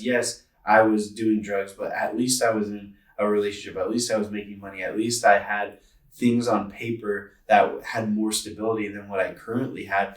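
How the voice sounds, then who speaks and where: A man's voice: fairly low pitch, distant mic. A man in his twenties telling a personal story on a podcast, earnest and rambling with lots of filler words. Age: 20s. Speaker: podcast co-host. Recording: roomy sound from away from the mic.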